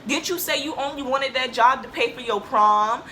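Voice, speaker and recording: A young woman acting out her mother, who laughs and cries with relief and soothes her daughter in a very high, breathless voice. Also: normal speed, pushed and bright, a little hiss or hum. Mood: laughing relief.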